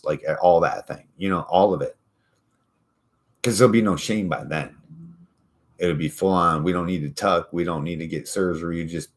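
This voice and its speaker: A man with a low, deep voice rants loosely to his camera. He rambles, swears freely and mocks the people he talks about. The talk is loose and unscripted. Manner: rambling, profane and mocking. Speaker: vlogger. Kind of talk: casual profane rant.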